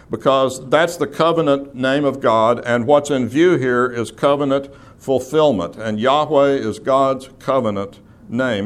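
A male Bible teacher lecturing to a class at a middle pitch. He explains each point patiently and methodically, with the odd filler word.

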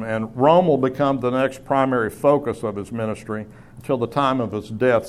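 A man preaching a sermon, teaching in a conversational way with asides and small self-corrections. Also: mid-range voice. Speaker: pastor.

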